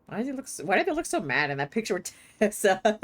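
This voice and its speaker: A woman's voice: medium pitch, fast talker. A woman streaming a story game live, reacting casually with frequent swearing and laughter. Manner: expressive, swears often, laughs readily. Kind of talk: casual live gameplay commentary.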